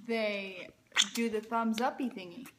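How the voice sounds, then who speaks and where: A woman's voice: medium pitch, a little slow, a little hiss or hum. A woman in casual banter beside a food reviewer, with dry, teasing replies.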